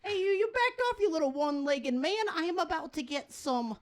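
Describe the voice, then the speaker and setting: A man's voice: very high voice, animated, a little fast, pitched above the performer's own voice. A man voicing a brash, foul-mouthed small-time street mugger as an improv character. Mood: aggressive.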